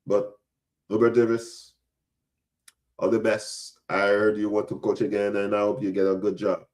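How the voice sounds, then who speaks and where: A man's voice: lowish voice, monotone, normal speed, darkish tone. A young adult man from Florida hosting a podcast, giving casual sports commentary in a blunt, emphatic way, often repeating himself for effect. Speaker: podcast host.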